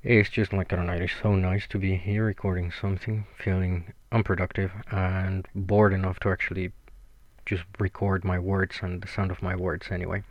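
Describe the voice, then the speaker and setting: A man from Mexico with a Mexican accent, rambling through a solo podcast in a flat, sweary, self-mocking way. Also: sits low, normal speed, dry recording, dull audio. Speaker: podcast host.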